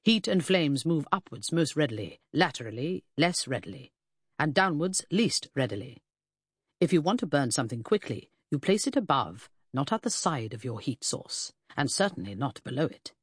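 A woman's voice: sits low, big pitch swings, normal speed, husky, no echo, full character voice. A woman voicing a pedantic male detective in an audiobook, lecturing in a precise, dry, sardonic way.

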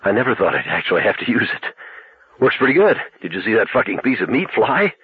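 A rattled young hitchhiker, as a man reads him, speaking casually and bluntly with a shaky edge. The voice sits low with a very husky grain. The sound is thin and phone-like. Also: sing-song, fast talker, full character voice. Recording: tinny narrow-band recording.

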